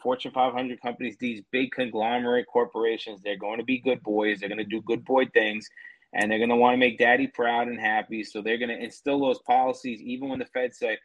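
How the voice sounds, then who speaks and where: A man co-hosting a podcast in a loose, profane chat, his pitch sitting right in the middle. He talks bluntly and mocks freely, cursing as he goes. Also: little pitch movement, a little fast, highs cut off. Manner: blunt, mocking, swears freely. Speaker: podcast co-host.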